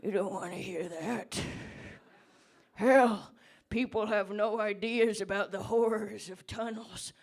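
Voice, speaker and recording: A comedian playing a senile, fearful old man who rambles slowly about tunnels with sudden shouts, in a pub comedy debate. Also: medium pitch. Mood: rambling. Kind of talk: stand-up character debate. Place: pub stage before a live audience.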